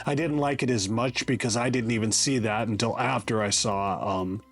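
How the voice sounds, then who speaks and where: A man's voice: medium pitch, normal speed, slightly rough, faint music behind. A man hosting a show, rambling casually through a movie rant with many fillers. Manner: rambling, full of fillers, nostalgic. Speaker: host. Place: studio.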